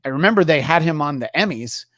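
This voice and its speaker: A man's voice: on the high side, animated, fast, fairly bright tone, no echo, studio quality. A man co-hosting a podcast in casual chat, rambling with lots of fillers and jokey asides. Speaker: podcast co-host.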